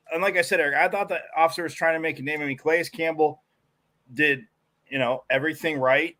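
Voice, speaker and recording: A man co-hosts a live sports talk show, and his voice sits a little higher than most men's. He talks in a rambling, animated way, piling up restarts as he tells his stories. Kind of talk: casual sports talk commentary.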